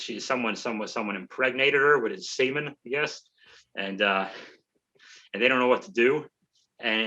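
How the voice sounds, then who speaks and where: A man's voice: medium pitch, pushed and bright, low-quality recording. Rambling, profane male comedian. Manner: rambling, profane, self-mocking storytelling with stumbling restarts. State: out of breath. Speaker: comedy podcast host. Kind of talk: comic movie recap.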